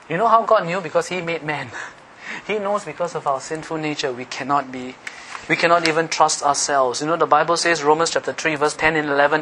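A man preaching a sermon, animated, teasing the congregation with questions and laughing. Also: a little high, brisk, a little hiss or hum, poor audio. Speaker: pastor.

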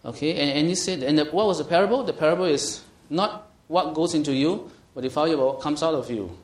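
A man's voice: on the high side, fast. A man teaching a Bible study, reading scripture aloud and questioning his listeners, growing emphatic as he explains. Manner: asks the group questions, reads scripture aloud; grows animated and emphatic, stretching key words. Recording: echoey room.

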